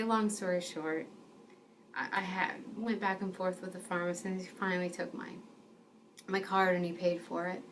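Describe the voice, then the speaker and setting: A woman's voice: lowish voice, far from the mic, slight background noise. Earnest woman telling a faith story. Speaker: ministry speaker. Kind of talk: personal faith testimony.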